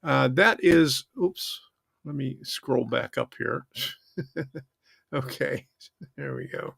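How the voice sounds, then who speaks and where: A man with a heavily gravelly, fry-laden voice talks at a slow, unhurried pace. His pitch sits a bit high for a man. He hosts a model train channel in a rambling, chatty way, and the sound is dry and close. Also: fairly bright tone, no room sound. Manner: rambling, chatty, self-interrupting. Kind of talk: casual livestream chat.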